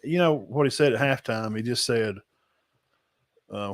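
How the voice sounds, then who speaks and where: A man's voice: medium pitch, a little fast. Folksy Southern man hosting sports talk. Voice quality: nasal, sinus-blocked. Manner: chatty, folksy. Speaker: host.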